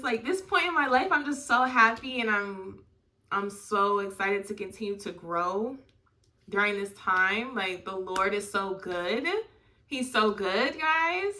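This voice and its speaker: A young woman hosting a podcast talks candidly and earnestly about her faith, peppering her speech with "like" and "you know." Her expressive, unhurried voice is heartfelt, drifting from bursts to soft, low lines.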